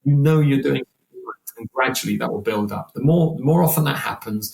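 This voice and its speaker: A man in his sixties, a singer guesting on a podcast, talking in an animated, chatty way and often repeating words. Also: mid-range voice, brisk, creaky. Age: 60s. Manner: animated, chatty, repeats words while acting out quoted voices. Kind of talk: casual podcast conversation. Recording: roomy echo.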